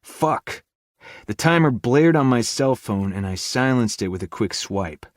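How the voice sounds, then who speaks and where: A man's voice: medium pitch, lively intonation, normal speed, no room sound. A man narrating a first-person audiobook chapter with a tense inner-monologue manner.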